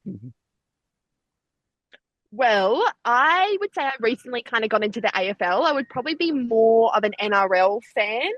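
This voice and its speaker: A young Australian woman in her twenties, chatting casually as an athlete guest, quick and talkative with frequent laughter. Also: fairly high pitch, expressive, fairly bright tone, dry recording, lo-fi sound. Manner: chatty, laughs often, fast bursts. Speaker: Olympic sprinter, guest. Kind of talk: casual interview chat.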